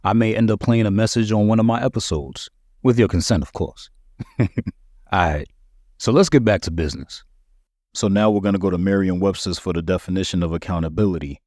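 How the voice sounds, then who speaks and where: A man's voice: low voice, a little mellow, dry recording, studio quality. A man hosting a solo podcast, talking to listeners in a conversational, emphatic way. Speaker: podcast host.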